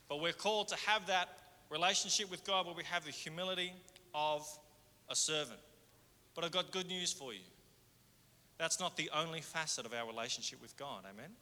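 A man preaching a sermon in a conversational way, moving between fervent and hushed. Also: fairly high pitch. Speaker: pastor. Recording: hall reverb.

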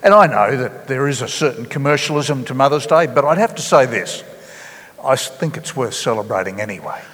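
A man preaching a sermon as pastor, earnest and halting, with many fillers and restarts. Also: medium pitch, a bit bright, breathy edge, in a large hall. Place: church hall.

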